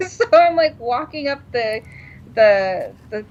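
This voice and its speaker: A woman co-hosts a podcast in a high, slow voice, telling a story casually, laughing often and animatedly acting out what people said. The sound is dull and lo-fi.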